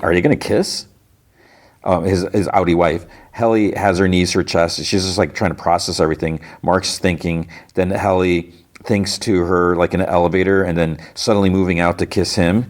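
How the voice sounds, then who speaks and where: A man's voice: low-pitched, darkish tone. A man hosting a podcast, casually retelling TV scenes in a rambling way, full of "like" and restarts. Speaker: podcast host. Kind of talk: casual episode recap.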